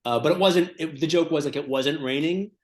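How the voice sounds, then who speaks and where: A man's voice: fairly high pitch, fairly quick. A man co-hosting a comedy podcast, rambling through invented stories with many fillers and restarts. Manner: rambling, lots of fillers, builds absurd details. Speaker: comedian co-host. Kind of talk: improvised comedy chat.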